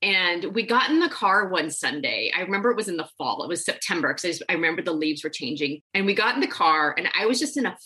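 A woman's voice: on the low side, sing-song, fast talker, hardly any pauses, sharp tone. A woman in her thirties, a life coach, telling a personal story in a casual interview and acting out the voices of the people in it.

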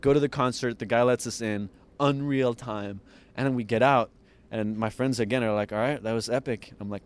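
Animated storytelling man, podcast guest. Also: medium pitch, normal speed, clean tone. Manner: lively, laughs often, acts out others' lines.

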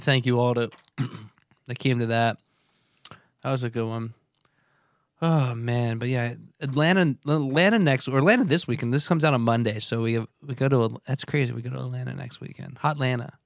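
A relaxed man chatting on a podcast, loose and rambling, often restarting mid-sentence. His voice sits at a middle pitch, recorded close and dry with no room sound. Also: normal speed, no echo. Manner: laid-back, rambling, many restarts. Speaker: podcast co-host, touring musician. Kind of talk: casual chat.

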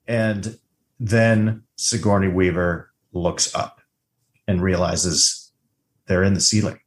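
A man co-hosting a casual movie chat, animated and swearing freely, acting out lines from scenes. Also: deep voice, slow pace. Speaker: podcast co-host.

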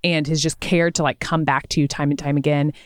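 A woman's voice: low voice, flat delivery, a little fast, clean tone, dry recording. A woman co-hosting a podcast, affirming and thanking her guest before asking her questions. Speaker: podcast co-host. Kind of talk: conversational interview.

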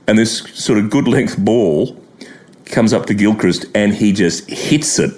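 A middle-aged Australian man chatting as a podcast guest, telling lively stories and breaking into laughs and quick impressions. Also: lowish voice. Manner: animated storytelling with impressions and laughter. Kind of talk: casual chat.

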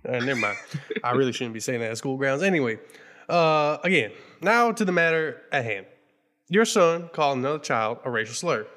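Man reading a fed-up principal, swearing, deadpan comic sketch. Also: mid-range voice, a little fast, lightly acted. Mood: exasperated. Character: exasperated, foul-mouthed male school principal.

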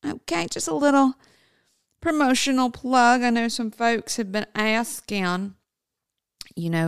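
A woman's voice: fairly high pitch, measured pace, vocal fry, pauses often, smooth, no room sound, clean studio sound. A woman hosting her own podcast in a casual, chatty way, speaking informally to listeners as folks. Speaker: podcast host.

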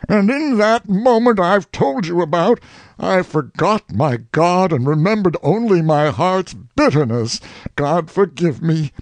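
A high, gravelly old farmer pours out an anguished confession, raging and pleading with slow, drawn-out words, as a male audiobook reader puts him on. The recording is dry and close. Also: lively intonation, dry recording. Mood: remorseful. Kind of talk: audiobook reading.

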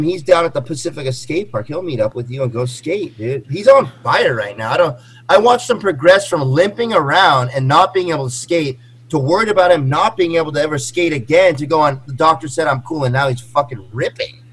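A man in his forties, slightly tipsy, rambling excitably and swearing through a casual chat. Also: on the high side, fairly quick, breathy edge, low-quality recording. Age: 40s. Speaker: guest on a call.

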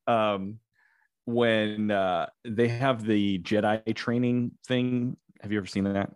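A man's voice: fairly low pitch, slow pace, clear, resonant tone, dry recording, studio quality. A man co-hosting a podcast, telling a funny story with plenty of energy. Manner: lively storyteller, acts out voices. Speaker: podcast co-host. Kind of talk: casual chat.

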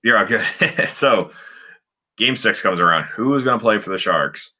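A man with a very low voice talks through a hockey game on a casual podcast. He rambles, with many fillers and restarts. His tone is bright and forceful, and the recording sounds dull and lo-fi. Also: animated, moderate pace, husky. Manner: rambling play-by-play recap with frequent fillers. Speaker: podcast co-host. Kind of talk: casual sports podcast chat.

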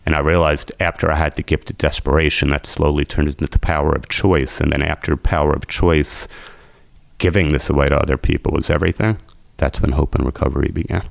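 Very deep gravelly man telling his story. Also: fairly even intonation, brisk, no room sound. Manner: earnest, intense, quotes people as he retells. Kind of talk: emotional personal storytelling.

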